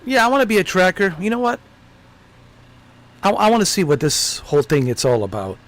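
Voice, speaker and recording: A man's voice: high voice, big pitch swings, a little fast, a bit bright. A man live-streaming a game, casually and playfully talking back to the characters. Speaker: gaming streamer.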